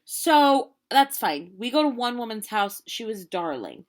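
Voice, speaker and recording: A woman's voice: a little high, unhurried. Chatty woman in her late twenties. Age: 20s. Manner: animated, chatty storytelling with quoted voices. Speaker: vlogger. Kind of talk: casual storytelling chat.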